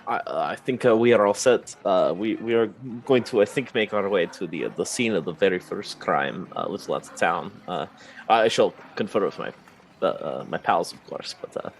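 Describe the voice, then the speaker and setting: A man playing his character in a tabletop game, halting and full of fillers, laughing often. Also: low-pitched, animated, a little hiss or hum. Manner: hesitant, full of uh's, laughs a lot. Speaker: player.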